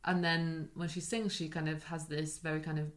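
A woman's voice: deep voice, level tone, normal speed. A young adult woman chatting casually with playful, joking banter. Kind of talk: casual chat.

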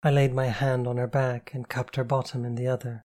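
A woman reading a novel aloud in the first person, calm, slow and intimate. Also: extremely low pitch. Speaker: audiobook narrator.

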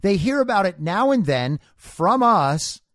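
Give me a male podcast host delivering a political commentary monologue. He has a high voice that swings widely in pitch. He lectures in a combative way and keeps punching lines with "okay?". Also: big pitch swings, a little slow, a bit bright, no echo, clean studio sound.

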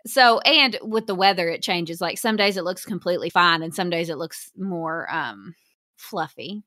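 Young female podcast co-host, bright edgy tone, rambling chatty storyteller, dry booth sound. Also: on the low side, moderate pace, dry recording. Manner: chatty storytelling, many fillers. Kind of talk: casual chat.

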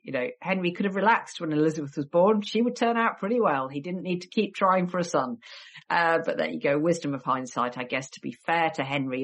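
A woman with a notably low voice and a cold talks through history in a relaxed podcast interview. She tells her stories in a chatty way, dropping wry asides as she goes. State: has a cold. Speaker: guest historian and author.

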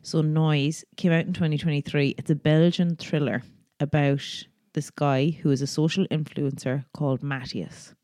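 A woman's voice: sits low, fairly even intonation, moderate pace, few pauses, warm tone, no echo. An Irish woman co-hosting a podcast, chatting casually and laughing as she tells stories. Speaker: podcast co-host. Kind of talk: casual chat.

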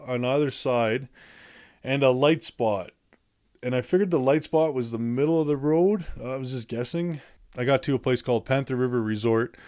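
Smooth-voiced man telling his story. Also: mid-range voice, darkish tone. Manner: plainspoken, matter-of-fact, many fillers and restarts. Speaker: interview guest. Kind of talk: casual storytelling in conversation.

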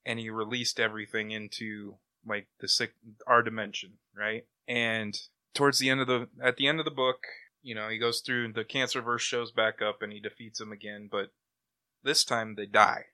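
A man on a podcast excitedly retelling and reviewing a comic book, acting out characters' lines and laughing along. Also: fairly low pitch, normal speed, dry recording. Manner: animated retelling, acts out quotes, laughs often. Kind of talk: casual review chat.

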